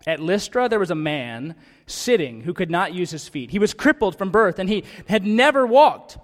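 A man preaching a sermon, animated and acting out the voices of the people he quotes. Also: high voice, normal speed. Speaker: pastor. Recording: long reverb of a hall.

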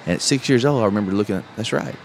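A middle-aged man, a podcast host telling a story in casual, animated chat. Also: on the low side, rapid-fire, gravelly. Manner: animated storyteller, calls listener bro. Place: live podcast event. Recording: live event, faint noise behind.

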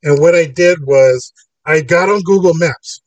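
A man's voice: fairly high pitch, unhurried, no room sound, far from the mic, low-quality recording. A man hosting a call-in podcast, arguing his points in long rambling runs. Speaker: podcast host. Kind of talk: casual call-in talk.

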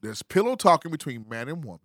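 A man's voice: a little high, sing-song, quick pace, no room sound, clean studio sound. A man co-hosting casual banter, playfully arguing and lecturing his point. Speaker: co-host.

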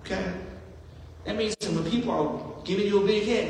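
A man preaching a sermon as pastor, talking conversationally and acting out voices in quick asides. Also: high-pitched, a little mellow, slight background noise. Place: church sanctuary. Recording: echoey hall from far off.

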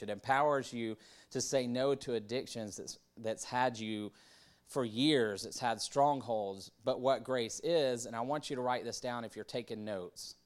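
A man's voice: mid-range voice, clean tone. A man preaching a sermon in a conversational way, often repeating words and asking the congregation questions. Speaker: pastor.

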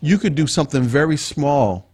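A man's voice: a little high, animated, moderate pace, darkish tone, slightly rough. A man co-hosting a relationship talk show, explaining ideas in a preachy style that circles back and repeats key points. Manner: preachy, explains with repetition and asides. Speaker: podcast co-host. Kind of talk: casual teaching talk.

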